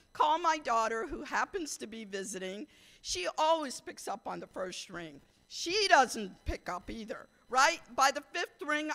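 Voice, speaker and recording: A middle-aged woman from India, telling a lively anecdote to an audience, laughing and acting out the quotes. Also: high-pitched. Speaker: speaker at a political caucus event. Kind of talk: storytelling speech to an audience.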